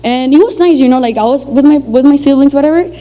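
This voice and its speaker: A woman's voice: high voice, fast, warm tone, poor audio. A young woman from Venezuela, telling a personal story to an audience in a chatty, filler-heavy way and acting out the dialogue. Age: young adult.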